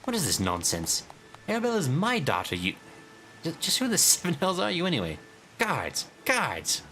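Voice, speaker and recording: A man voicing a blustering middle-aged merchant father in a video game, loud and indignant. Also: on the high side, wildly swooping pitch, normal speed, soft background music, pitched above the performer's own voice, heavily acted. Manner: indignant, shouting.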